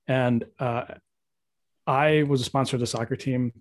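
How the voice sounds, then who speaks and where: A man's voice: mid-range voice, steady tone, moderate pace. A man hosting a podcast among friends, talking loosely with lots of fillers and teasing the others. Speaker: podcast host. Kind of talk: casual chat.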